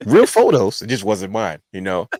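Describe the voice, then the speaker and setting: A man co-hosting a wrestling podcast, telling a long-winded story with animated quotes. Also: fairly low pitch, moderate pace, no room sound. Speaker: podcast co-host. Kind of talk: casual chat.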